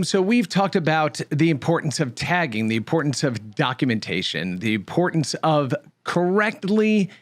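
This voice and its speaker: This is a man hosting a podcast panel, recapping and handing off questions. His voice sits a bit high and moves a lot in pitch. The sound is dry. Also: dry recording. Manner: lively, summarizing, leads the panel. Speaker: podcast host.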